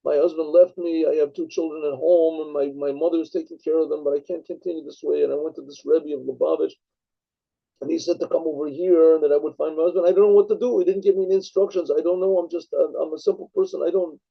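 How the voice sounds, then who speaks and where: A man voicing a distraught young wife who calls herself a simple person. She talks haltingly and repeats her words. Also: a little high, fairly even intonation, gravelly. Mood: upset. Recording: dull lo-fi recording.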